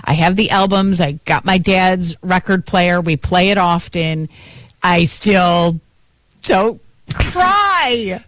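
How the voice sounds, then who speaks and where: A woman's voice: on the low side, lively intonation, slow pace, a bit bright, no echo. A middle-aged woman co-hosting a morning radio show, teasing and blunt in casual banter. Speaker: radio co-host.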